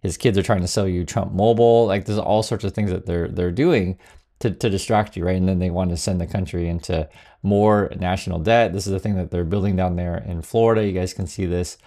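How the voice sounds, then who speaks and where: A man's voice: low voice, steady tone, fairly quick, mellow. A man hosting casual political commentary, sarcastic, with many fillers and restarts.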